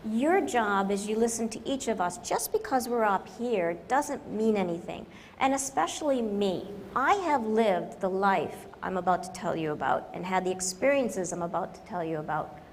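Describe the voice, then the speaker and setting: A woman's voice: medium pitch, animated, normal speed, hardly any pauses. A woman consultant addresses a conference audience in a joking, self-deprecating way, hitting her points with emphasis. Her voice rings in a large hall with long reverb. Faint background noise hangs under it. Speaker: conference speaker, business consultant. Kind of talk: humorous conference talk.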